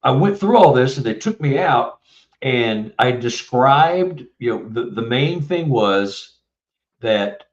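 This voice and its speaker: Heard through a distant, muffled mic in a roomy space, a guest author from Texas in his seventies spins a long, rambling tale for an interview, frequently restarting. He has a medium-pitched voice with lively intonation and a slow pace.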